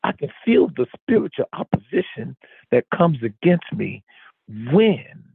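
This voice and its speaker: A man's voice: on the high side, big pitch swings, unhurried, gravelly, husky, dry recording, narrow, tinny audio. A man taking part in a class, giving an impassioned testimony in a fervent, repetitive, emphatic way. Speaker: class participant.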